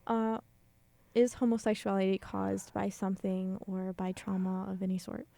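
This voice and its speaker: A young woman hosting a casual podcast, gently asking questions and explaining terms for listeners. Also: medium pitch, flat delivery, moderate pace, creaky, no room sound. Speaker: podcast host. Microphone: studio microphone.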